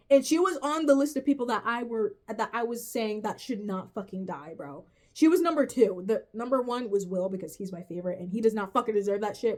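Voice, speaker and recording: A woman's voice: fairly high pitch, a little mellow. Profane, exasperated woman ranting. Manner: profane and exasperated, says "bro" often; rambling, restarts and self-corrections. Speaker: vlogger reviewing a TV finale. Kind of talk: casual rant to camera.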